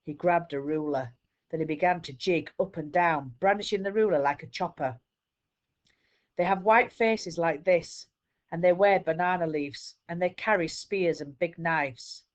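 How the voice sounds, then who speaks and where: A woman teacher reading a children's book aloud in a steady storytelling manner. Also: lowish voice, measured pace.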